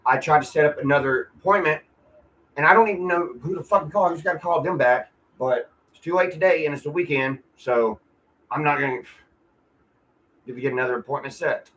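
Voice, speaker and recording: A man's voice: fairly high pitch, fairly quick, fairly bright tone, low-quality recording. A man venting in a casual, profane, rambling monologue at home, often restarting his sentences. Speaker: vlogger. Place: apartment.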